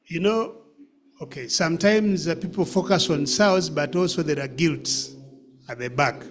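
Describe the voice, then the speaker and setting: A man with a slightly high voice runs a pig farming training session, answering questions with practical advice. His speech is full of hesitant fillers and restarts.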